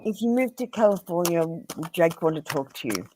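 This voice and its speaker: A woman with an Australian accent giving blunt, earnest tarot readings on a live stream, pausing often with ums. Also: on the low side, big pitch swings, dark tone, a little hiss or hum. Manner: blunt and earnest, addressing viewers by name; frequent ums and pauses. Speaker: tarot reader.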